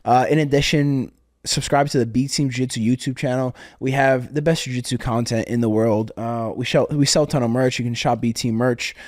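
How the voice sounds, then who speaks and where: Relaxed young male athlete, halting. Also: medium pitch, no echo, clean studio sound. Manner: relaxed, halting, many fillers like um and uh. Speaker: podcast guest, grappling athlete. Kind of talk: casual interview.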